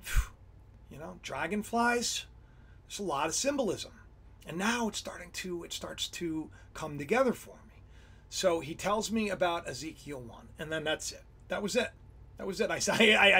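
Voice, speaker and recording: A man hosting a casual livestream about Bible symbolism, rambling and excitable, often breaking off mid-sentence. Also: fairly high pitch. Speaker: livestream host.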